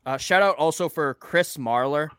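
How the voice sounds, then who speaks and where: Bright-voiced joking podcast man. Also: on the high side, moderate pace, clear, resonant tone, no room sound. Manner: profane, joking banter. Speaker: podcast co-host. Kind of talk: casual sports chat.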